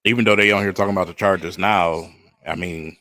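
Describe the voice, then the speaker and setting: A man's voice: deep voice, steady tone, quick pace, pushed and bright. A man, hosting a live football watch party and talking through the game in a frustrated, conversational way. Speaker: live stream host. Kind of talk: casual sports watch-party commentary.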